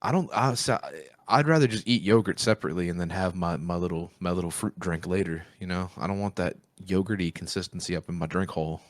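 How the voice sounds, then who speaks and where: A man's voice: low voice, fast, few pauses, no echo. A young man co-hosting a podcast, joking around and ribbing his friends with plenty of profanity. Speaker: podcast co-host. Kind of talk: casual chat.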